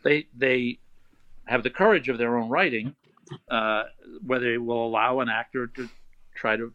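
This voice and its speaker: An older man spins animated stories as a guest in a relaxed interview, now and then dropping into playful character voices. His medium-pitched voice sounds dry and close. The audio is a bit dull and lo-fi. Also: normal speed, no echo. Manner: animated storyteller who slips into playful voices. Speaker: voice actor guest. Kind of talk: casual interview anecdotes.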